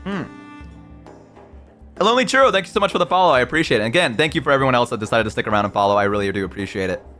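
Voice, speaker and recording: A man's voice: medium pitch, lively intonation, very fast, pushed and bright, soft background music. A man streaming live, talking casually and rambling as he answers chat mid-sentence.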